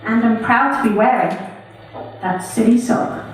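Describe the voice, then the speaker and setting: A woman's voice: a little high, a little slow, heavy background noise. A woman performing her own poems live, chatty and playful between them. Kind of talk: live spoken-word poetry reading. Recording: echoey room from far off.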